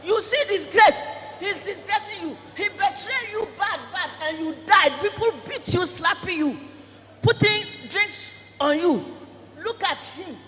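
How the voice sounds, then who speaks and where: A very high, bright, piercing voice from a man playing a wailing, indignant mother Mary with a Ghanaian accent, scolding in loud melodramatic pidgin. It rings out over a reverberant live stage with faint crowd noise behind. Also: a little slow, heavily acted. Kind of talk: live stage comedy skit.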